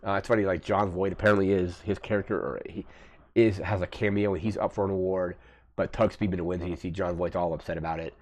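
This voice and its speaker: A man's voice: sits low, steady tone, fast talker. A man hosting a movie review channel, casually retelling a film's plot with lots of filler words and restarts. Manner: rambling, filler-heavy retelling.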